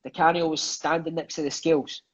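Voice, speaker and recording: A Scottish man and former footballer telling lively, profane stories in an interview, calling everyone "mate". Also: on the high side, brisk, dull audio, background noise. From Scotland. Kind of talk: storytelling interview chat.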